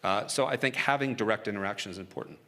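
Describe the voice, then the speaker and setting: Low, forceful man speaking frankly. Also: quick pace. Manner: casual, frank, chuckling, with frequent restarts. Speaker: government hostage negotiator. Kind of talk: onstage panel interview.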